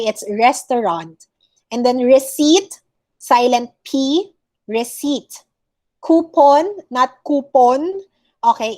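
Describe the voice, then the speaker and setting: A woman teacher with a Filipino accent leads an online class and reviews pronunciation word by word. Her voice sits a little high, and she drops into Tagalog for quick asides. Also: a little mellow. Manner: corrects word by word, mixes English with Tagalog.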